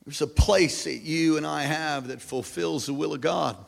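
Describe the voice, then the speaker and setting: A man preaching a sermon as pastor, calling on the congregation to repeat after him, moving from hushed lows to shouted peaks. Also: normal speed, vocal fry. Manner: call-and-response preaching, swings from hushed to shouting. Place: church sanctuary. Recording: long hall reverb.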